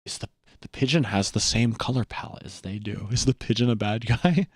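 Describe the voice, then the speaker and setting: A man streaming a game, chatting casually and reading the on-screen text aloud in an animated way. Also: fairly low pitch, fairly quick, breathy edge, no echo, studio quality. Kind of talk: casual let's-play commentary. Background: faint game music.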